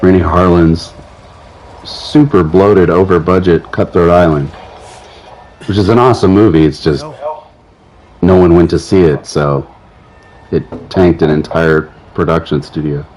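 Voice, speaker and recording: Deep-voiced man cracking crude jokes. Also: fairly even intonation, measured pace, pauses often, darkish tone, slight background noise, low-quality recording. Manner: crude joking, mocks a Scottish accent. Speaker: streamer. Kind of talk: comedic gameplay commentary.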